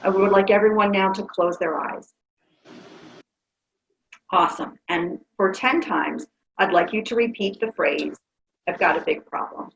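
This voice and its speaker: A woman's voice: lowish voice, roomy sound, muffled recording, a little hiss or hum. Upbeat woman leading a webinar exercise. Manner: upbeat, encouraging, laughs often. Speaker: webinar facilitator. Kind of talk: guiding a group exercise. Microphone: video call.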